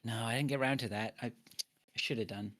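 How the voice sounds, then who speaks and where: A man's voice: medium pitch, fairly even intonation, fairly quick, fairly bright tone. A man co-hosting a podcast in loose casual chat, swearing and laughing often. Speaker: podcast co-host.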